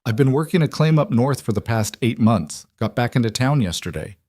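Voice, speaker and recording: A man playing a quiet, steady rancher who speaks in a measured, matter-of-fact way. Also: medium pitch, no room sound, clean studio sound, natural voice. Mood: earnest.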